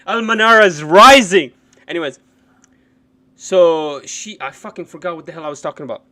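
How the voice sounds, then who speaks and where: A man reacting to clips on a live stream, his voice sitting high and swinging widely in pitch. He rants and swears, mocking the people on screen. His talk drops to mutters and then jumps back up into loud outbursts. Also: expressive, moderate pace. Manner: profane, mocking, swings between muttering and yelling.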